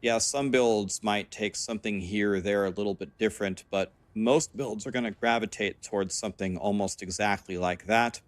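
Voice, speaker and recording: A man commenting on gameplay in an explanatory, measured way, a little hoarse as he says he is losing his voice. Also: lowish voice, steady tone, no room sound. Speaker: game video narrator.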